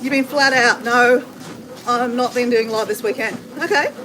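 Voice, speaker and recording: A woman's voice: a little high, fairly even intonation, normal speed, fairly bright tone. A middle-aged Australian woman hosting a casual livestream while walking on a treadmill, chatting with viewers and answering their comments. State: walking on a treadmill, slightly effortful. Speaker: livestream host. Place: home with renovation banging. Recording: noisy background with banging.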